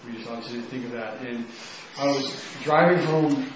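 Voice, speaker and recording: A young man from Texas tells his own story in a loose, rambling way, leaning on "like" again and again. His voice sits at an ordinary pitch for a man. He is heard from some distance in a very echoey room, with faint noise behind him. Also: brisk. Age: young adult. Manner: casual, rambling, heavy use of "like". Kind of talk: personal testimony.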